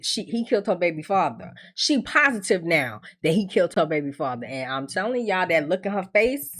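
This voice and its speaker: A woman's voice: mid-range voice, fairly bright tone. A woman hosting a casual TV episode recap, blunt and profane, acting out the characters' lines as she tells the story. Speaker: TV recap host.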